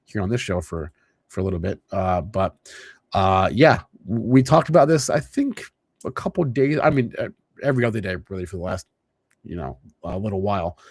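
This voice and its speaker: A man hosting a casual market show, talking in an animated way with frequent restarts. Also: low voice, moderate pace, no echo, clean studio sound. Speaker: show host.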